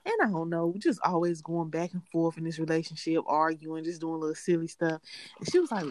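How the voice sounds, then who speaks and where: A woman with a gravelly voice, chatting in a playful, blunt way. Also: low voice, steady tone, fairly quick, a little hiss or hum. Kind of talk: casual chat.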